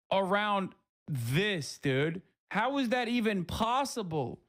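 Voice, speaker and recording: A man's voice: sits high, slow. A man streaming live, reacting to news clips with sarcastic, mocking commentary. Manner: sarcastic, animated, mocking asides.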